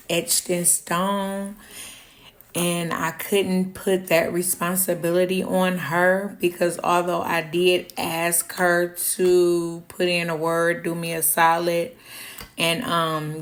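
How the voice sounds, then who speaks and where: A woman telling a candid storytime monologue, acting out the dialogue as she goes. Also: on the low side. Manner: candid, animated, acts out quoted dialogue. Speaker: storyteller vlogger.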